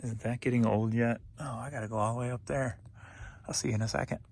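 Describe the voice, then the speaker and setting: A man's voice: medium pitch, fairly even intonation, creaky, a little mellow. A man from St. Louis, Missouri, an eBay reseller who chats easygoingly in a casual vlog. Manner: easygoing and chatty, with quick asides.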